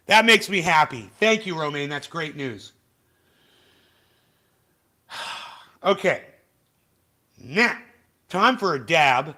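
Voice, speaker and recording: A man with a high, bright, cutting voice rants through a livestream, swearing and hurling insults at the clips he reacts to. His talk lurches between muttered asides and sudden yells. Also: lively intonation, slow pace, pauses often. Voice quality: profane, angry, shouting insults. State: has facial palsy flare-up. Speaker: livestream host. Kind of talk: ranting live commentary.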